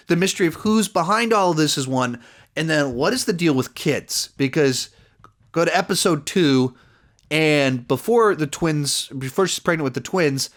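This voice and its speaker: A man talks through a TV episode in a loose, rambling review, scattering "like" and "you know" everywhere. His voice sits a bit higher than most men's. Now and then he slips into the characters' lines as he retells the plot. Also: a bit bright. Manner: rambling recap full of "like" and "you know", acting out quoted lines. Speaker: TV series reviewer. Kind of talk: casual spoken episode review.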